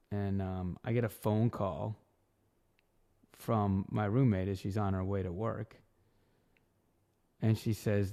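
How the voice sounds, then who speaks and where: Gravelly low-voiced man telling his story. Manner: animated when quoting others, rising to loud exclamations. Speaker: podcast host. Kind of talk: personal storytelling.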